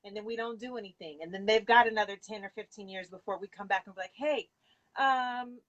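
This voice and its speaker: Female co-host, rapid wry delivery, acts out exchanges mid-argument. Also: medium pitch, steady tone, fairly bright tone, dull audio. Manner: quick, wry, acts out dialogue. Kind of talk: casual discussion.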